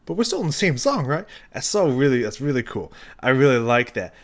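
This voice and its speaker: A man's voice: mid-range voice, sing-song, fairly quick. A man casually breaking down a song as a reaction host, rambling and thinking aloud with many restarts and fillers. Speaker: music reaction youtuber.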